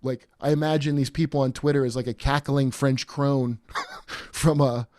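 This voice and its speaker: A man hosting a podcast in casual chat, rambling and animated with many fillers and restarts. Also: medium pitch, normal speed, dry recording, studio quality. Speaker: podcast host.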